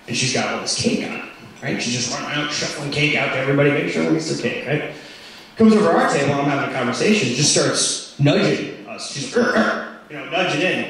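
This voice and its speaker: A man's voice: medium pitch, distant mic, slight background noise. A man doing a stand-up comedy routine, telling rambling stories full of "like" and "you know". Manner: rambling storytelling, lots of "like". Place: comedy club stage. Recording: echoey room, mic heard from afar.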